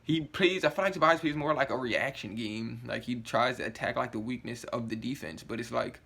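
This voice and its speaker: A man's voice: mid-range voice, a little fast, vocal fry, pushed and bright. Dude ranting about his team, groggy and yawning, keeps saying like, mid voice, mad and rambling. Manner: frustrated, rambling, swearing, many "like" fillers. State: yawning and groggy, just woken up. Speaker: sports vlogger. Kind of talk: casual rant to camera.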